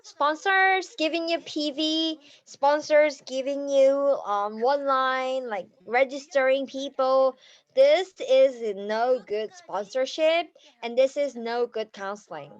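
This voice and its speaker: High-voiced woman giving business training. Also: slow pace, no echo, dull audio. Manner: lively, acts out examples, laughs often; slightly non-native, ungrammatical phrasing. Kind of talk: training talk.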